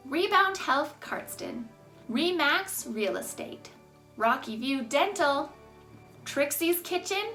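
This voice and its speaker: A woman host with a high, bright voice reads the closing thanks and a long list of sponsors. Her delivery is upbeat and scripted, and faint music plays underneath. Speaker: show host. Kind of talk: scripted announcement.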